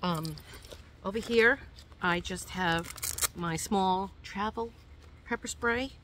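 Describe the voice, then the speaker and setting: A woman's voice: mid-range voice, slow pace, background noise. A woman with a New York accent chatting casually through her hiking gear, rambling with plenty of ums and uhs. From New York, USA. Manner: chatty, rambling with many fillers. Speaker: hiking vlogger. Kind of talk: casual show-and-tell.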